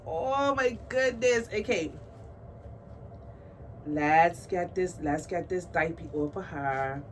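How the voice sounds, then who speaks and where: A woman's voice: lowish voice, slow pace, pauses often. A woman vlogging a doll unboxing, gushing and squealing with delight as she chats to her viewers. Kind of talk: excited unboxing chat to camera. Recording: distant mic with faint background noise.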